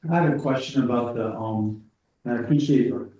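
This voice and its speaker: A man on a town board asking a question in a halting way during a meeting. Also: medium pitch, warm tone, muffled recording, a little hiss or hum. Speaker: board member. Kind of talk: public meeting discussion. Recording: echoey room, mic far off.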